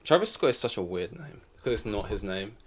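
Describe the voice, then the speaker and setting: Male podcast host, solo, loose and chatty, trips over himself, sits a bit low. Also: sing-song, fairly quick, a little hiss or hum. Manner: rambling, self-correcting, swears casually. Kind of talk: casual solo chat. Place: in front of a camera.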